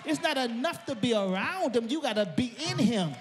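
A male pastor a sermon, telling a story and building to shouted praise. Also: very high voice, lively intonation, normal speed, slight background noise.

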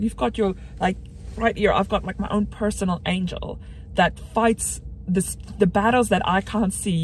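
A woman's voice: on the low side, darkish tone, a little hiss or hum. Chatty young woman. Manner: chatty, earnest, frequent fillers and restarts. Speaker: vlogger. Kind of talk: casual vlog chat.

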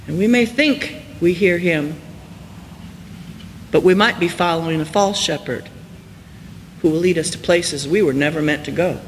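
A male pastor preaching a storytelling sermon, climbing high and loud for emphasis and then dropping soft and slow. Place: church sanctuary. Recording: church hall reverb, faint hiss.

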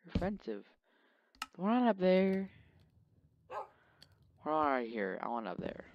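A man's voice: fairly high pitch, very animated, takes it slowly, background noise. A man giving casual, rambling commentary while playing a game, joking around and talking to his in-game pet, on a dull lo-fi mic. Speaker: gamer.

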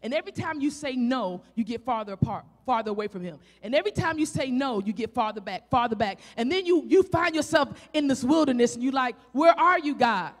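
A woman preacher with a Southern country accent, delivering a fervent sermon full of rhetorical questions, rising to shouts and drawing out scripture as she reads. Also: on the high side, animated, quick pace, few pauses. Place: church sanctuary. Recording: echoey church hall.

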